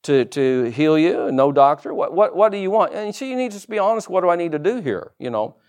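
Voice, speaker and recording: A man's voice: fairly high pitch, big pitch swings, brisk, a little mellow. A middle-aged man preaching a sermon as pastor, with humorous asides and rhetorical questions.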